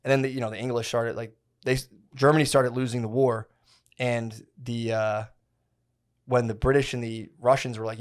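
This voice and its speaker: A man in a podcast chat, spinning out a long story in loose slang and often restarting his sentences. His voice sits at an ordinary middle pitch. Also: flat delivery, moderate pace. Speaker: podcast co-host. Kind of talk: casual chat.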